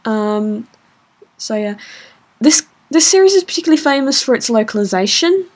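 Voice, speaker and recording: A woman's voice: fairly high pitch, lively intonation, moderate pace, darkish tone. A woman hosting a let's play, chatting casually with fillers while reading the game aloud. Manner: chatty, laughs easily, hesitant fillers. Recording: game music under voice.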